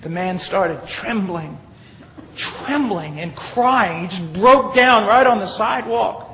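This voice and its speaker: A man preaching a sermon with dramatic storytelling, rising loud and then dropping to a hush. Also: sits high, animated, takes it slowly. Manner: dramatic storytelling, swings between loud rises and hushed drops. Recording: long hall reverb, faint noise.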